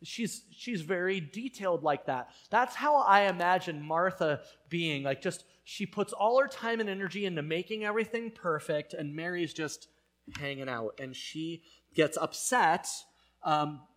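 Male pastor, conversational sermon, fairly high voice, relaxed storytelling with fillers. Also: measured pace. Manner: casual, storytelling, frequent fillers.

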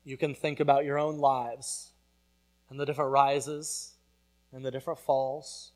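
A man preaching a sermon in a conversational way, building to loud emphatic peaks. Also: mid-range voice, level tone, measured pace. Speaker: pastor.

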